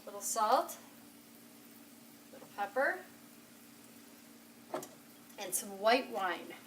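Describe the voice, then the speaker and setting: A woman's voice: mid-range voice, expressive, extremely slow, a bit bright. A woman hosting a home cooking video, chatty and enthusiastic, talking straight to the viewer as she cooks. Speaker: home cooking show host. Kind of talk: casual cooking demonstration. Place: home kitchen. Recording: distant camera mic, kitchen noise. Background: cooking sizzle and utensil clatter.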